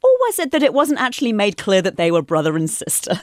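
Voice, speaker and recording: A woman's voice: medium pitch, very animated, fast, dry recording, clean studio sound. A woman hosting a casual podcast quiz, playful and teasing as she quizzes her co-hosts. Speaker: quiz host.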